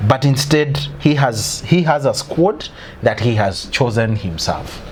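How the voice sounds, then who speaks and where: Male co-host, middle pitch, steady and measured, light background noise. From Kenya. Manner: steady, backs the other speaker with short agreements. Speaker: sports show co-host. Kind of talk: casual football talk.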